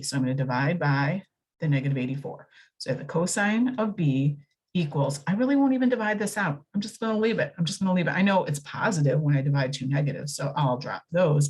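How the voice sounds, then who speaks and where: Low husky woman teaching math. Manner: chatty, self-correcting, thinks aloud while working. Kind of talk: recorded lesson walkthrough.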